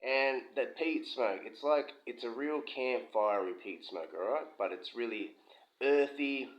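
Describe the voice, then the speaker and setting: A man's voice: mid-range voice, measured pace. A man giving a casual, rambling whisky review from his home kitchen, full of asides. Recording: dull lo-fi sound with slight room echo.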